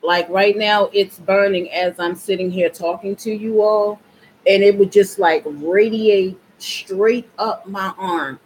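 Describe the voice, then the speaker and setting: A woman's voice: medium pitch, fairly even intonation, slow pace, a little hiss or hum, rough recording. A woman chatting casually and directly to her viewers in a vlog. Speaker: vlogger.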